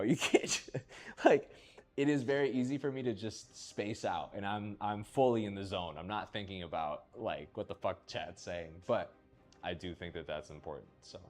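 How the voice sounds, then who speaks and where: A man chatting casually on a live stream while he paints. He swears often, and he chants and whispers to himself as he works. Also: sits low.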